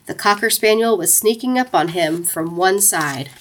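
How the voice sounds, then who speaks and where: A woman narrating a children's storybook aloud in an expressive, playful way. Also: mid-range voice, normal speed.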